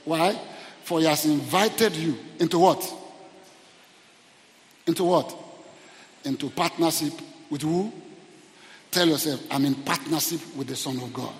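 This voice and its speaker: A man preaching a fervent sermon in a church auditorium, calling out to the congregation and rising to shouted peaks. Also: fairly high pitch, measured pace, pauses often, long reverb tail. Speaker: pastor.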